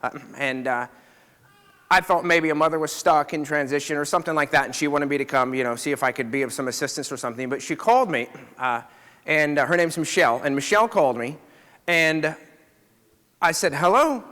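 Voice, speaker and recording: A man's voice: fairly high pitch, fairly quick, pushed and bright. A man, a chiropractor, telling a story to a live audience in a casual, conversational way, often checking in with the listeners. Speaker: chiropractor speaker. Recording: reverberant hall.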